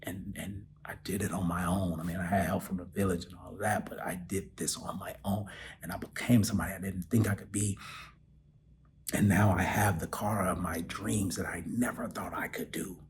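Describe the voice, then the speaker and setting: A man hosting a podcast, telling a personal story in an animated way that sinks into soft, choked-up near-whispers. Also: low-pitched, normal speed, slight background noise. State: choked up, close to tears. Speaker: podcast host.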